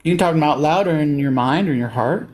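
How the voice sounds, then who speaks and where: A man with a fairly high voice speaks up for his faith on a call-in debate. He is earnest and insistent, often quoting scripture. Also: fast talker, darkish tone. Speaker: Christian debater.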